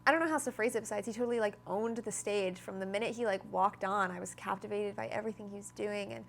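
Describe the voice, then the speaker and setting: A young woman answers interview questions about her stage work in a bubbly, casual manner, with her voice at an ordinary middle pitch. She sprinkles in "like" often, and a faint hum sits behind her. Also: quick pace, creaky. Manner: bubbly, lots of "like", laughs while talking. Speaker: actor, interview guest.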